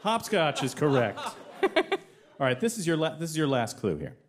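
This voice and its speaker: A man's voice: on the high side, sing-song, normal speed. A man co-hosting a live quiz show, delivering dry jokes. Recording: live audience clearly heard.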